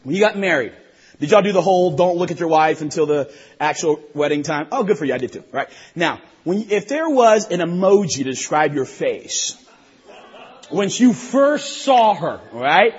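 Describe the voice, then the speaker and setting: Male preacher, high and husky, lively delivery, echoey hall, dull lo-fi audio. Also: moderate pace. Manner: animated, laughing, shouts at peaks. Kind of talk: sermon. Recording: long hall reverb, dull lo-fi sound.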